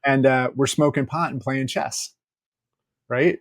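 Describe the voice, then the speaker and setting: Podcast guest, male, middle pitch, lively storyteller, dry close mic. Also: a little slow, dry recording. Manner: animated storyteller, laughs often, acts out quotes. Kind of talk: casual interview storytelling.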